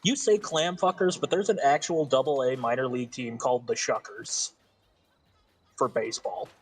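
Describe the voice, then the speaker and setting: A man chatting on a friend's gaming stream, trading dry, quick-witted quips. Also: medium pitch, fairly even intonation, faint music behind, poor audio. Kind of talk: casual gaming stream chat.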